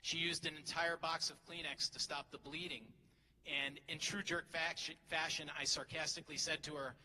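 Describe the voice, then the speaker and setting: Speaking at a normal speed with a fairly high, level, bright and forceful voice, this middle-aged man is a teacher giving a graduation speech full of teasing, self-deprecating humor. He talks into a podium mic in a large ceremony hall, where reverb and a faint crowd murmur can be heard.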